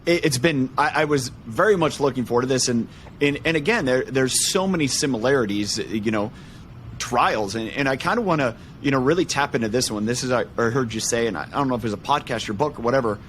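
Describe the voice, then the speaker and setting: A man's voice: medium pitch, fast talker, a bit bright, slight background noise. A man hosting a podcast interview, talking in an earnest, reflective and hesitant way. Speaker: podcast host. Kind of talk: conversational interview.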